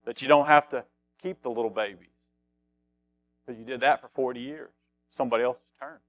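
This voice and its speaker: A middle-aged man gives a conversational sermon. He reads scripture aloud and repeats key phrases for emphasis. His voice sits at an ordinary pitch for a man, recorded dry with almost no room sound. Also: fairly quick, a bit bright, no echo, soft background music. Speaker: pastor.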